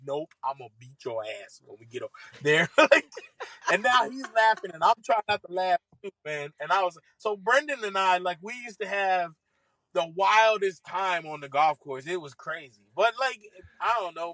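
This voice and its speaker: A golf caddie spins lively stories on a podcast, laughing and swearing casually as he goes. His high, bright voice carries the tale. The sound is close and dry, with no room echo. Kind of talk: animated anecdote storytelling. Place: podcast studio.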